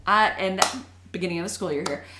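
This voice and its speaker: Brief: lively, jokey woman host, fairly low voice, echoey room. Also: fast talker, noisy background. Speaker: show host and reading teacher. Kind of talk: casual talk to parents.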